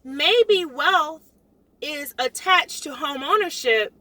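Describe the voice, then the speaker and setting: A middle-aged woman realtor from South Florida, ranting in a vlog with emphatic, animated delivery and repeating lines for emphasis. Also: sits high, takes it slowly. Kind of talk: impassioned vlog rant.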